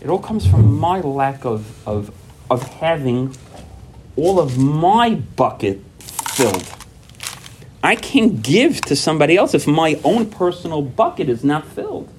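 A man who is a parent gives a personal talk at a recovery workshop. He tells stories with lively energy, acts out quoted dialogue, and often repeats himself and restarts sentences. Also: a little high, measured pace, slight background noise. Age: adult parent. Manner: animated storytelling, acting out quoted dialogue; frequent repetitions and restarts.

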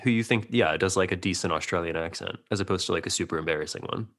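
A man hosting a relaxed interview, hesitant and rambling, often laughing between questions. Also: deep voice, fast. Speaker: podcast host. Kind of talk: casual interview.

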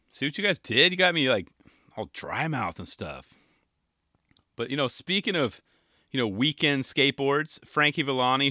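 Animated, slangy male podcast host. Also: medium pitch, no room sound, clean studio sound. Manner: animated, slangy, jokey rambling. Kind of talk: casual chat.

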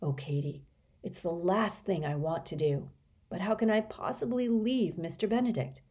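Devoted father giving orders gently but firmly, read by a woman narrator. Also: on the low side, normal speed, breathy edge. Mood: tender. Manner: tender yet firm. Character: loving brave father, tender and resolute.

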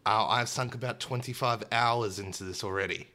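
A man's voice: fairly low pitch, moderate pace, a crowd in the background. A young man co-hosting a podcast in casual, upbeat chat, often acting out little voices. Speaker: podcast co-host.

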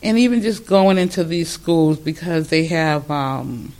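An older man who runs a museum, telling stories in an animated, rambling way with many restarts during an interview. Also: fairly high pitch, unhurried. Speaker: museum founder. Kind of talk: conversational interview.

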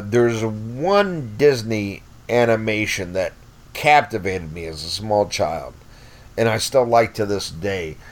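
Guest, man in his fifties, blunt and foul-mouthed raconteur. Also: lowish voice. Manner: profane, rambling, blunt. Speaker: podcast guest. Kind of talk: casual storytelling.

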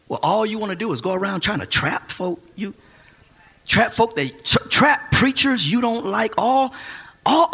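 A man preaching a sermon, building from quiet reading to shouted, drawn-out emphasis. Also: very high voice, husky. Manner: rising to shouted call-and-response cadence, drawn-out emphasis.

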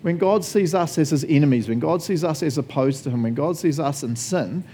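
A man's voice: on the high side, fairly quick, dark tone, a little hiss or hum. A male pastor preaching a sermon conversationally, laughing often and asking the congregation questions.

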